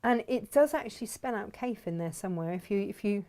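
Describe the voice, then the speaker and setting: A woman's voice: mid-range voice, expressive, brisk, warm tone. A woman hosting a fabric workshop, talking in a chatty, enthusiastic, rambling way. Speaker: fabric shop host. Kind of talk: casual workshop chat.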